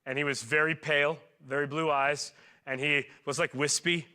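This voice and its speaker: A man in his forties preaches in a church with a bright, forward tone. He speaks casually and jokes along the way, and he keeps turning to the congregation with questions. His voice sits a little high for a man. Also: flat delivery, normal speed, clear, resonant tone. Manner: conversational and joking, asks the congregation questions. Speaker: pastor. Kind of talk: sermon.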